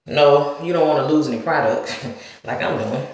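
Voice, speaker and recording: A woman's voice: low voice, normal speed, darkish tone, dull audio. A woman from the Southern US with a Southern accent, rambling casually through a hair-care vlog and talking straight to her viewers. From Southern United States. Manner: chatty, talks straight to viewers with y'all and girl. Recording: very echoey room.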